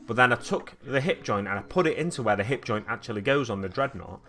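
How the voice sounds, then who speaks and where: Painting at home on a live stream, a man with a Stockport accent from the Manchester area of England chats casually, reading chat messages aloud and answering them. His medium-pitched voice is expressive, quick, and sharp.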